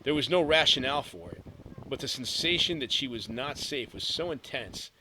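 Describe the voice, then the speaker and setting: A man narrating an audiobook in a steady storytelling read with vivid emphasis. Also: medium pitch, normal speed, slight background noise, low-quality recording.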